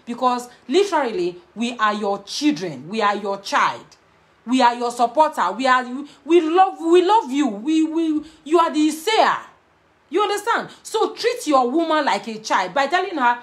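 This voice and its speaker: A woman's voice: high voice, sing-song, moderate pace. A young Nigerian woman with a Nigerian accent, giving emphatic, preachy relationship advice to viewers and repeating her key points. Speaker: relationship adviser.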